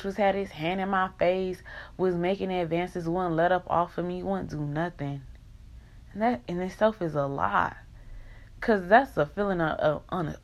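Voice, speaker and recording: A young woman in an emotional vlog rant, venting in raw, profane country slang. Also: on the low side.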